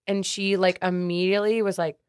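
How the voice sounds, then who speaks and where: A woman guest on a podcast, telling a story in casual chat, animated, swearing freely and acting out the people she quotes. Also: mid-range voice, fairly quick, smooth, no room sound, clean studio sound. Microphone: studio podcast mic.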